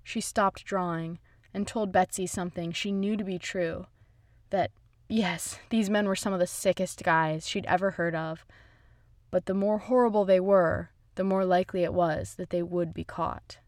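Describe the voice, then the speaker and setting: A woman reads a scripted true-story narration at a measured pace. Her voice sits low, and the recording is dry and close to the mic with no room sound. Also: steady tone, dry recording.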